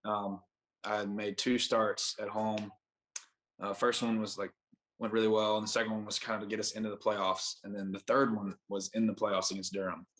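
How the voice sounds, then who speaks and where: A man's voice: fairly low pitch, flat delivery, normal speed, a bit bright. A young man in his twenties, a podcast guest, telling a rambling anecdote full of fillers and acted-out dialogue. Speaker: podcast guest, baseball pitcher. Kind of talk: casual storytelling.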